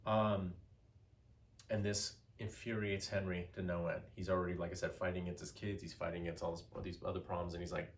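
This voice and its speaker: A man's voice: low-pitched, level tone, a little fast. Chatty man lecturing on history. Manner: conversational storytelling with many fillers, acts out quoted dialogue. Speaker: teacher.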